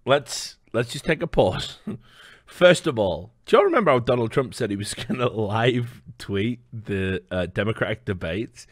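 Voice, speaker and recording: A man's voice: fairly low pitch, no echo, clean studio sound. A man hosting a live stream, rambling through casual reaction commentary with lots of swearing and laughing asides.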